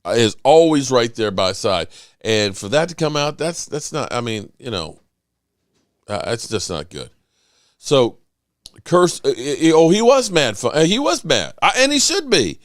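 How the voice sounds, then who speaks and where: A man hosting a sports podcast in casual talk, emphatic and animated, often restarting his sentences. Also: mid-range voice, a little slow, dry recording, clean studio sound.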